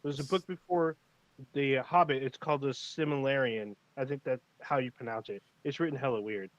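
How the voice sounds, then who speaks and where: A man with a medium-pitched voice co-hosts a casual livestream chat, talking fairly quickly in a laid-back, rambling way full of swearing and fillers. The audio is dull but has no echo.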